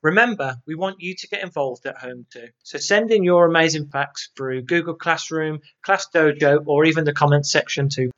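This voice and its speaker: A man's voice: on the high side, moderate pace, hardly any pauses, fairly bright tone. Man presenting, dull lo-fi sound. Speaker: presenter of a school broadcast. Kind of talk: scripted presenting.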